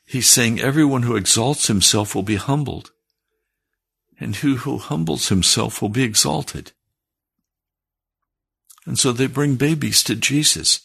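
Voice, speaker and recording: Husky-voiced man preaching. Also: mid-range voice, measured pace, long pauses, a bit bright. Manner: earnest preaching, rising to fervent emphasis. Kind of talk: sermon.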